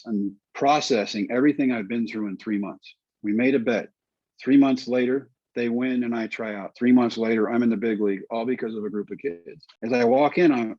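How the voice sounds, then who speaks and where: A middle-aged man telling his story as an interview guest, lively and quoting others in voices. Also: mid-range voice, slightly rough, no echo, dull audio. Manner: animated storyteller, quotes people in voices. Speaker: guest, former pitcher.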